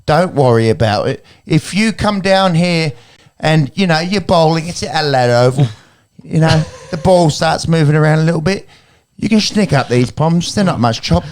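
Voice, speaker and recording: An Australian man putting on a famous actress's voice, speaking slowly in a soothing, motherly way. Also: fairly high pitch, animated, lightly acted. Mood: reassuring.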